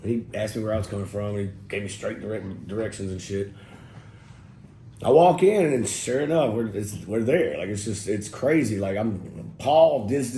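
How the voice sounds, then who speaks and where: Mellow-voiced man telling stories. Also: fairly low pitch. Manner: profane, animated, acts out quotes. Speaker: interview guest. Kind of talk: casual storytelling. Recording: echoey room with faint noise.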